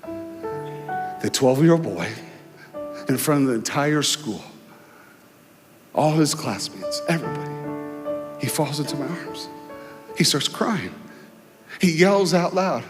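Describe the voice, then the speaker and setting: Guy telling a moving story from a stage, voice swoops up and down, big echoey hall, soft music under. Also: fairly high pitch, animated. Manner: emotional, dramatic storytelling with pauses and swells. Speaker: guest speaker. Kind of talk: inspirational sermon storytelling. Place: large hall before a crowd. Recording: long hall reverb, faint music.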